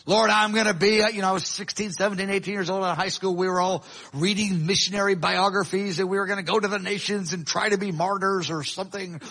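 A man's voice: sits high, fairly even intonation, quick pace, sharp tone, low-quality recording. A man preaching a sermon in a conversational way, with restarts and acted-out quotes. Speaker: pastor. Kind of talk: sermon teaching.

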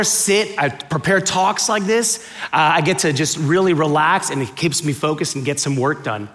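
A man in his thirties or forties from the United States, telling funny stories in a chatty, animated talk to a live, clapping audience. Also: high-pitched. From United States (Miami). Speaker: speaker giving a talk.

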